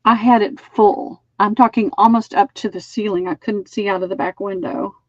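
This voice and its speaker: A woman's voice: medium pitch, fairly even intonation, moderate pace, no echo, lo-fi sound. A woman hosting a live online sale, chatting as she measures and describes items. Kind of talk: live-streamed sale pitch.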